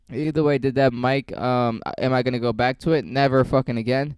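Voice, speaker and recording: A man's voice: mid-range voice, steady tone, fairly quick, a little mellow, smooth, no room sound. A young man, a stand-up comedian, rambling through a casual vlog with lots of swearing and self-mockery. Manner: rambling, profane, self-mocking.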